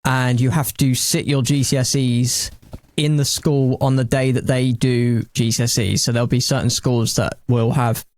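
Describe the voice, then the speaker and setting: A man's voice: mid-range voice, level tone, moderate pace, darkish tone, no room sound. A young man chatting casually on a podcast with a dry, self-mocking humor. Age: young adult. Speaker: radio station colleague. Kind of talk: casual chat.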